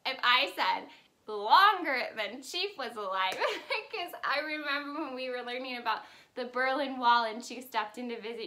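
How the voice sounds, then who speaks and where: A woman's voice: fairly high pitch, bright, forceful tone. A woman teacher in a video lesson for young children, cheerful and sing-song as she leads actions and songs. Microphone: camera in front of her.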